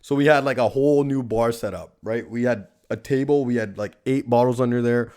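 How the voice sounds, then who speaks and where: Clear and resonant, a little mellow, this young man's medium-pitched voice moves fairly quickly. He rambles through a casual storytelling podcast, swearing constantly and adding "right?" to his lines.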